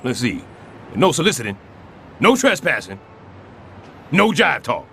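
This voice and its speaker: An actor playing a loud, wisecracking, scheming middle-aged building super in an animated sitcom. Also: male voice, a little slow, creaky, slight background noise, heavily acted. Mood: wary. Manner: loud, wisecracking, swings wildly in pitch.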